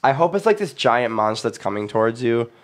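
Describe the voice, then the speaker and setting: A man in a loose podcast conversation, laughing through his own stories and cursing casually. His voice sits at an ordinary middle pitch for a man, and he rambles from one thought to the next as he talks. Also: sing-song, brisk. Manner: laughs often, swears freely, rambling storyteller. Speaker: podcast host. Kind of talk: casual chat.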